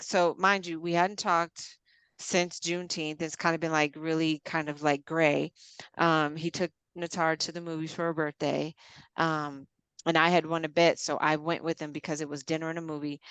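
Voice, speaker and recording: A woman in casual chat who tells animated stories, acting out quotes with big jumps in pitch. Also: smooth, no room sound.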